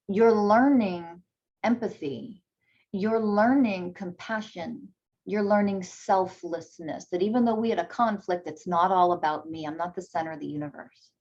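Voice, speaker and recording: A woman giving a candid motivational talk, blunt and emphatic, swearing freely and acting out parent dialogue in a high sing-song. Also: moderate pace, darkish tone, dull audio. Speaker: self-development speaker.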